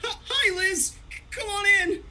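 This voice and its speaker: Squeaky stammering teen boy, very high, slow, bright, comedy table read. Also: full character voice. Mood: panicked. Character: nervous young male student, stammering and flustered.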